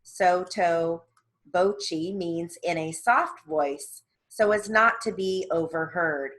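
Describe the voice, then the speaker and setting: Woman, lowish voice, slow and deliberate steno dictation reader, crisp enunciation. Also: a bit bright. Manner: measured, deliberate, clearly enunciated reading. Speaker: dictation reader for court reporters. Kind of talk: steno dictation practice reading.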